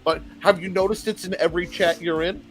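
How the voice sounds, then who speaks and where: A man's voice: high-pitched, a little fast. A man co-hosting a casual livestream podcast, upbeat and greeting the viewers in the chat. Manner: upbeat, lively, addresses the chat. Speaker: podcast co-host.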